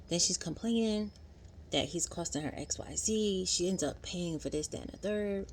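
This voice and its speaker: A woman in her thirties recapping a TV episode in casual, animated vlog commentary, acting out quotes. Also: moderate pace, slight background noise. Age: 30s. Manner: chatty, animated, acts out quotes in higher voice. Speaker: vlogger.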